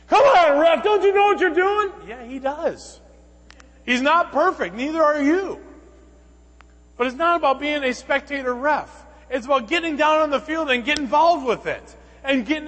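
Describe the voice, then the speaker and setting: A man delivers a sermon from the pulpit, his voice pitched high for a man. He jumps from loud, raised bursts down to quiet, hushed asides. The sound carries the long reverb of a large church hall. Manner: preaching with dramatic swings from loud to hushed. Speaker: pastor.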